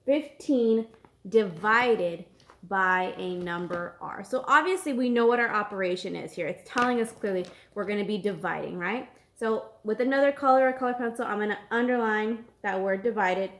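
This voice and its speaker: A woman teacher walks through an algebra problem at an easy pace with a voice of middle pitch. She repeats each step and checks in with her class as she goes. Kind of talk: recorded math lesson.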